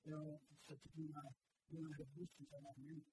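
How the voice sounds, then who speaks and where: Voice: mid-range voice, little pitch movement, fairly quick. Emphatic repetitive preacher over background noise. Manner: repetitive, emphatic phrasing that swells loud then drops soft. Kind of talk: sermon.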